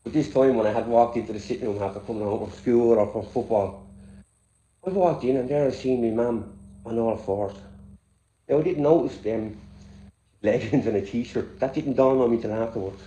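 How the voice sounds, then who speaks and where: Middle-aged Irish vlogger, dark mellow tone, animated casual storyteller. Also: male voice, mid-range voice, normal speed, roomy sound, a little hiss or hum, poor audio. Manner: animated storyteller who laughs often.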